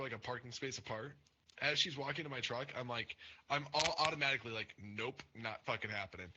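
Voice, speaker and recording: A young man telling rambling, crude stories on a casual podcast, with many fillers. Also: medium pitch. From Nebraska. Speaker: podcast co-host. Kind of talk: casual storytelling chat. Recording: dull lo-fi sound with faint noise.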